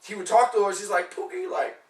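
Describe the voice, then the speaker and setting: This young man talks fast in a high-pitched voice while co-hosting a laid-back podcast, rambling through profane stories and acting out what people said. He sits on a couch in a shared, echoey room, recorded from far away from the mic.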